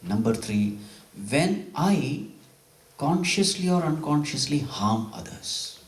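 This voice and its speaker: A man's voice: a little high, animated, slow pace, recorded from a distance. A man giving a spiritual scripture discourse, telling stories and asking his audience questions. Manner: storytelling, with frequent questions to the audience. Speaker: spiritual teacher. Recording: roomy hall, away from the mic.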